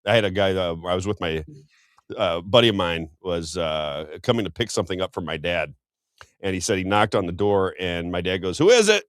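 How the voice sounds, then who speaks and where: A man's voice: sits low, steady tone, fairly quick, clear, resonant tone, no echo, studio quality. An American man hosting a casual political talk show, telling rambling anecdotes. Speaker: host.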